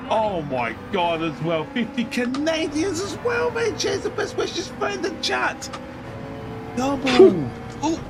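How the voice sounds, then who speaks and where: A young man from the United Kingdom hosting a late-night live stream from home, talking quietly and tiredly while thanking viewers, with sudden excited outbursts. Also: very high voice, measured pace, hardly any pauses, over loud music.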